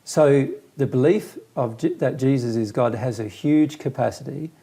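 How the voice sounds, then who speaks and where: A man's voice: mid-range voice, moderate pace, vocal fry, dark tone, breathy edge. A man who is a spiritual teacher, talking earnestly and patiently in a casual conversation and explaining his ideas with simple everyday examples.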